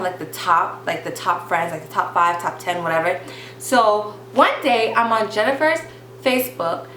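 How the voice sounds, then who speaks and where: A young woman tells a personal story in a casual vlog, talking in a chatty, animated way full of restarts. Her voice is bright and sharp. The room is echoey, with a faint hiss behind her. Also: medium pitch. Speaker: vlogger telling a story.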